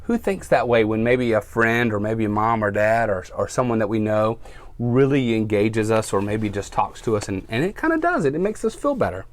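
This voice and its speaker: A man who works as a firefighter reads a picture book aloud to children, with a lively storytime manner. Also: mid-range voice, brisk.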